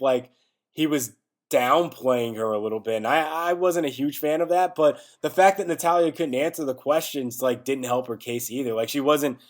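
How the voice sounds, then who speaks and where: A man hosting a casual wrestling review, rambling with lots of filler words and growing exasperated. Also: medium pitch. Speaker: wrestling podcast host.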